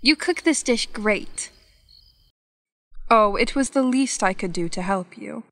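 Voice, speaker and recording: Woman, slow pace, higher voice, scripted learner dialogues. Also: a bit bright, no echo, clean studio sound. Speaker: English lesson narrator.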